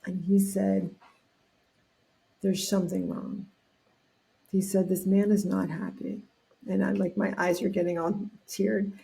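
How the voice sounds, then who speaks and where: A woman talks as a guest on a podcast, her voice mellow and warm. She tells a personal story with animation, drops into the voices of the people in it, and restarts phrases as she thinks. Her pitch sits in the middle range. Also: moderate pace, creaky, a little hiss or hum. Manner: animated storyteller acting out quotes, frequent restarts.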